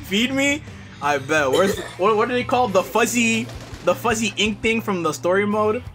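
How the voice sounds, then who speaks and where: A man streaming live gameplay, talking to his teammates and viewers and loudly trash-talking opponents. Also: sits high, normal speed, soft background music. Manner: excitable, yells and trash-talks at opponents.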